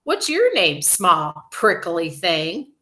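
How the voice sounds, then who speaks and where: A woman voicing a huge, rough male rhinoceros in a storybook reading, loud and boisterous. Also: fairly low pitch, slow pace, heavily acted. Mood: gruff.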